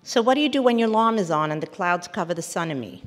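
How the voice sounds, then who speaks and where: A woman's voice: on the low side, animated, fast, big-room sound, faint music behind. A woman therapist giving a parenting workshop lecture, earnest and emphatic, often breaking off and restarting mid-word.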